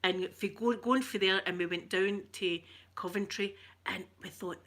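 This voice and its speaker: A woman with a broad Glaswegian accent hosts a casual chat with her viewers. Her voice is bright and sharp, and she wanders from story to story with easy, self-mocking laughs. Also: mid-range voice, fairly even intonation, normal speed. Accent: Glaswegian Scottish. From Glasgow, Scotland. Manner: rambling and chatty, laughs often, self-mocking. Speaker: ASMR channel host reading viewer comments.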